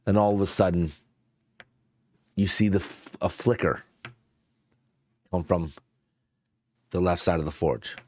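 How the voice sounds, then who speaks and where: A man narrating a tabletop game as game master, in a halting way with fillers. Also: sits low, darkish tone.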